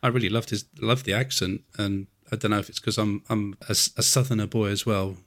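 Lower-voiced man hosting from Essex. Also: a little fast, no room sound. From Essex, England. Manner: relaxed, encouraging, laughs along. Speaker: podcast host. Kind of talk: casual interview. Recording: dry close mic with faint music.

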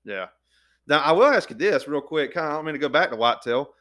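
A man's voice: fairly high pitch, lively intonation, fast talker, fairly bright tone. A man hosting a podcast, folksy and eager in a casual chat. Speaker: podcast host.

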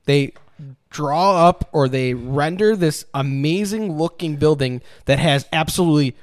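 A man's voice: on the high side, measured pace, no echo, clean studio sound. A young man co-hosting a casual chat, profane and mocking, often slipping into sarcastic mimicry of others. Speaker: podcast co-host.

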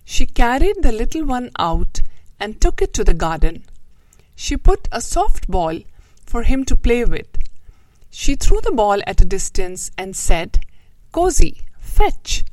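Slow, expressive woman storyteller. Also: on the high side, dry recording, rough recording. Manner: slow, expressive, gently moralizing. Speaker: host and storyteller. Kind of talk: storybook reading with a moral talk.

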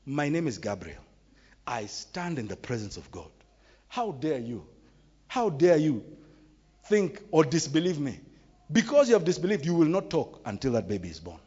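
A stern offended archangel, as a preacher puts him on. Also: male voice, fairly high pitch, very animated, normal speed, a little mellow, slightly rough. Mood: stern rebuke. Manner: indignant, commanding. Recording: dull recording in a reverberant hall.

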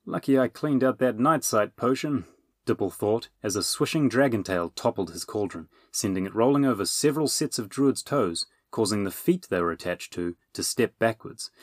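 A man narrating a children's fantasy audiobook in a measured, even way. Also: lowish voice, no room sound, clean studio sound. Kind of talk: storybook narration.

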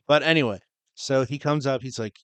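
A man's voice: mid-range voice, brisk, fairly bright tone, smooth, no room sound. A young man co-hosting a podcast, telling a story in casual chat with lots of swearing and acted-out quotes. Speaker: podcast co-host.

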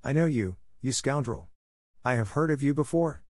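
A man's voice: medium pitch, moderate pace, darkish tone, no echo, clean studio sound, voice pushed up, lightly acted. A man putting on a furious, menacing old doctor. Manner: blustering, snarling.

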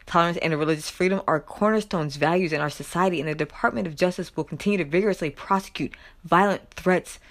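A woman's voice: on the low side, fast talker. A woman giving chatty commentary on a news story, full of fillers and reading quotes aloud. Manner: chatty, filler-heavy, loud animated quotes and laughter. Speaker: commentary vlogger.

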